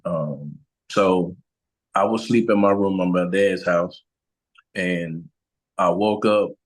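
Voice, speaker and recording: Man, very low voice, podcast guest, slow halting storytelling, many fillers. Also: poor audio. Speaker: guest, relationship and trauma coach. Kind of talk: storytelling interview.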